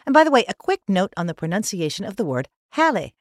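A woman's voice: medium pitch, fast, no room sound, studio quality. A woman hosting a classical music radio show, chatty and explanatory as she introduces the pieces. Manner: chatty, explanatory, lively delivery. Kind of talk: radio hosting, scripted announcing.

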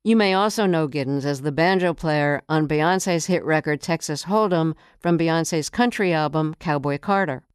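An interview host who reads a measured introduction and then asks questions in an informative, admiring way. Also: medium pitch, smooth, dry recording, studio quality. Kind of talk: radio-style interview, reading an introduction then asking questions.

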